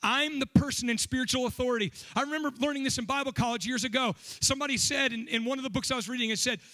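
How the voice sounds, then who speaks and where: High, bright-voiced male pastor preaching. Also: rapid-fire. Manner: animated, emphatic preaching with quoted stories. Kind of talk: sermon.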